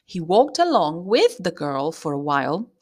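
Lively woman storyteller reading a fairy tale, voice jumps around a lot. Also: on the low side, normal speed. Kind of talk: fairy tale read-aloud.

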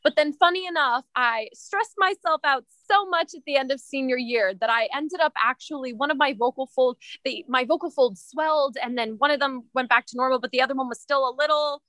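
A young woman guest tells her story in a chatty, self-deprecating way. Her voice is high and bright. It is recorded close and dry. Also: a little fast, few pauses, no echo. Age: young adult. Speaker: guest composer. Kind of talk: interview answers.

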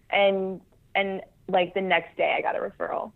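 A woman's voice: mid-range voice, flat delivery, normal speed, gravelly. Woman on a tinny phone-like line. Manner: frank, self-deprecating, laughs between points. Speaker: Marine Corps veteran guest. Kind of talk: candid interview conversation.

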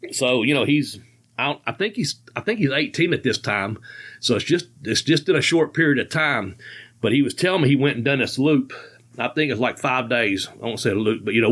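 A medium-pitched, slightly bright voice belongs to a fifty-something podcast host sharing road stories in a casual storytelling chat. He wanders from point to point, laughs often, and speaks with loose, colloquial grammar.

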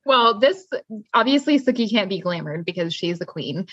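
A woman's voice: mid-range voice, moderate pace, breathy edge, no echo. Young woman animatedly retelling scenes. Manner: animated retelling, acts out characters' lines. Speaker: podcast co-host. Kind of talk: casual TV recap chat. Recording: dull dry lo-fi sound.

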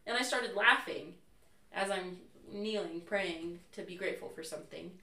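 A woman's voice: lowish voice, moderate pace. A young adult woman, a guest in a casual chat, telling stories candidly and acting out what people said. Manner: candid, animated storyteller who acts out quotes. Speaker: interview guest. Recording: roomy echo, voice far from mic.

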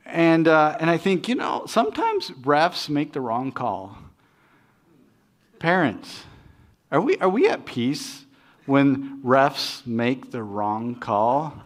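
Middle-aged man, pastor, sermon, conversational, self-deprecating, slightly high voice. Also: sing-song, slow. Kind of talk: sermon with personal stories.

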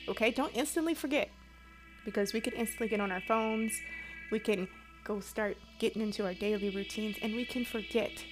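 A woman's voice: fairly high pitch, rough recording. A woman giving a motivational self-help talk to her viewers, earnest and coaching, repeating key phrases for emphasis. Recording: clear music bed behind voice.

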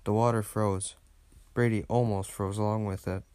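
A man with a lowish voice reads a children's picture book aloud at a gentle, steady pace. The recording is dry and close, with no room sound. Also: normal speed, dry recording. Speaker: narrator. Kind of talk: children's storybook read-aloud.

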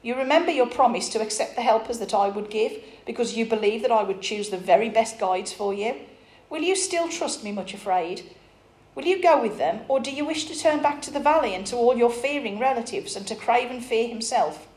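A woman voicing a gentle, patient male shepherd who speaks quietly and tenderly, in a roomy recording. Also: on the high side, lively intonation, normal speed, natural voice. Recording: roomy echo.

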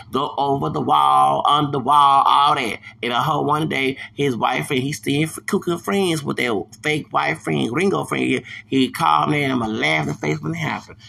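A man with a heavily gravelly, fry-laden voice and a forceful, tense edge rants heatedly on his own podcast. He vents in circles, coming back to the same points. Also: a little high. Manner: heated, ranting, repeats himself. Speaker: podcast host. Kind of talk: angry monologue rant.

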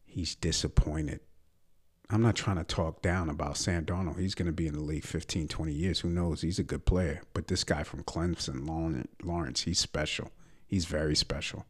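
Deep-voiced profane ranting man. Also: steady tone, moderate pace, husky. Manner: profane, ranting, drops into muttered asides. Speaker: podcast host and comedian. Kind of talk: casual solo sports rant.

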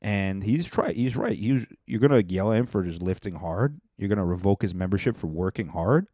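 A man's voice: fairly low pitch, expressive, fairly quick, mellow, no room sound, clean studio sound. A man hosting a podcast, reacting to viral clips in a casual, profane, laid-back way. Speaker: podcast host.

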